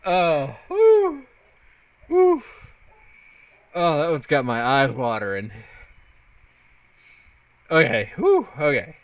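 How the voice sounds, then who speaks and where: Animated, laugh-prone male streamer. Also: medium pitch, slow pace, long pauses, clear, resonant tone, no echo. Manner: playful, jokey, laughs often. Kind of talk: casual live-stream chat while gaming.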